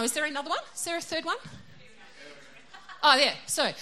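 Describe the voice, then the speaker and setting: A woman's voice: fairly high pitch, sharp tone. A middle-aged woman giving a casual, chatty sermon. She is self-deprecating and laughs often. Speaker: preacher.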